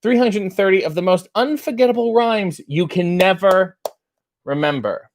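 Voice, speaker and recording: A man's voice: high-pitched, moderate pace, a little hiss or hum. A man hosting a casual late-night livestream show, chatty, playful and theatrical. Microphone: webcam setup.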